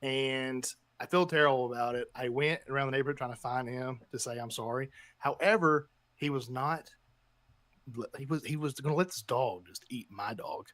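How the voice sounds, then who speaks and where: A podcast co-host, a man, spins a self-mocking story with quick bursts and sudden shouts. His voice sits in an ordinary middle pitch. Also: no echo. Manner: animated storytelling, self-deprecating. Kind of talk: casual chat.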